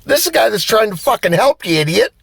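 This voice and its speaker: A man's voice: high voice, quick pace, gravelly, breathy edge, dry recording. A man giving a blunt, profane motivational rant as a vlogger. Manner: blunt, heavy swearing, animated. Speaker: vlogger and driver.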